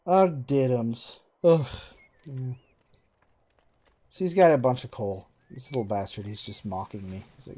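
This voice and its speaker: Mellow-voiced man streaming a game. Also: mid-range voice, a little slow, pauses often, breathy edge. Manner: sarcastic, self-mocking running commentary. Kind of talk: casual live-stream commentary. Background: faint game music.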